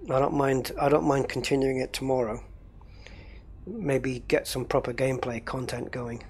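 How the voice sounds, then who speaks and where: A man's voice: medium pitch, fairly even intonation, moderate pace, darkish tone, husky. A man running a gaming livestream, rambling casually and thinking aloud while he troubleshoots.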